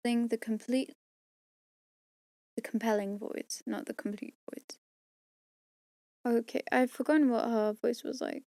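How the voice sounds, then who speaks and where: A woman rambles through her audiobook outtakes, tired and poking fun at herself. Her voice sits a little high and sounds strained from long recording. The sound is close and dry. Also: fairly even intonation, a little slow, pauses often, dark tone, dry recording. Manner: rambling, self-mocking, tired. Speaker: audiobook narrator. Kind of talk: casual bloopers and outro chat.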